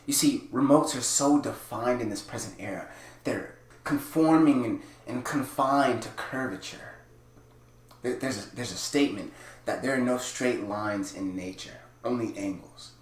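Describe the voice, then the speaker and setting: A young man doing a grandiose tech pitchman. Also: a little slow, natural voice. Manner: dramatic, overblown keynote delivery. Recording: echoey room.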